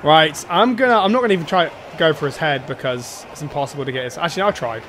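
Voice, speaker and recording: A young man streaming a co-op game with friends, excitable and quick to yelp and laugh when things go wrong. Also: fairly high pitch, slight background noise. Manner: excitable, yelps and laughs in panic. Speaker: gameplay streamer. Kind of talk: co-op gameplay commentary.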